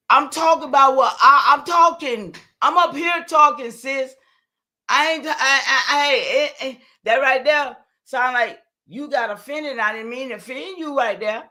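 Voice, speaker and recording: A woman's voice: high-pitched, pushed and bright. An older woman, talking casually and emphatically to her livestream viewers, rambling and answering their comments. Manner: rambling, emphatic, talks back to chat comments. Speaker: livestream host.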